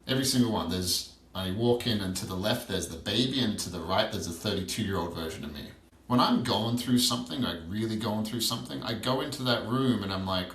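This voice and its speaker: A low-voiced man in his thirties speaks candidly as a podcast guest, sharing stories and pressing questions again and again. He sits back from the mic, and the room rings around him. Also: fairly bright tone. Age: 30s. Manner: reflective, storytelling, repeats questions for emphasis. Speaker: transformational coach, guest. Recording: roomy, distant from the mic.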